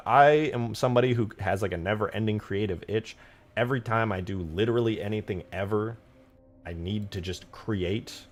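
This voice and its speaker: A man's voice: fairly low pitch, moderate pace. A young man streaming his game modding, chatting casually and profanely as he rambles and answers chat. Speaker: live streamer, game modder. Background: faint music.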